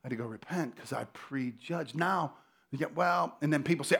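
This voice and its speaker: A middle-aged man preaching a lively sermon in a church, joking and repeating phrases, swinging between hushed asides and shouts. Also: fairly high pitch, a little fast, gravelly, breathy edge. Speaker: pastor. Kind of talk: energetic sermon.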